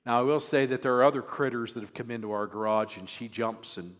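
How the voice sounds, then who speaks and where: A man's voice: medium pitch, quick pace, fairly bright tone. Man, pastor, conversational sermon, joking asides, church hall with long reverb. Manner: conversational, jokes with the congregation.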